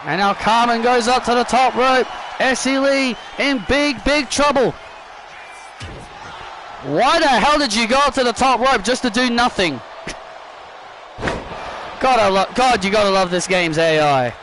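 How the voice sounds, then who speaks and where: A man commentating his own wrestling video game matches with excitable play-by-play, often restarting his sentences and shouting at the big moves. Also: very high voice, unhurried, long pauses, a crowd in the background, noisy background. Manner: frequent restarts and self-corrections, bursts of shouting at big moves.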